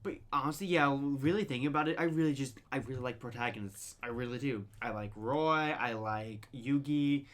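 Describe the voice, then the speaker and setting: A man's voice: medium pitch, brisk, hardly any pauses, a bit bright. A man co-hosting a podcast, chatting casually and rambling enthusiastically with frequent swearing. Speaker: podcast co-host. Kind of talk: casual chat.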